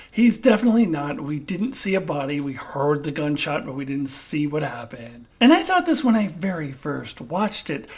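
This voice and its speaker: Woman giving a halting, unscripted review. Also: deep voice. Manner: halting, pauses to search for words; self-deprecating, laughs at herself.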